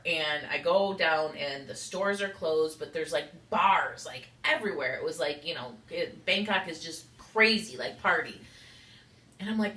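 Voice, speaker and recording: A woman's voice: on the low side, moderate pace, sharp tone. Candid rambling young woman vlogger. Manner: rambling, candid, heavy use of "like". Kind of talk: unedited confessional vlog. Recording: echoey room.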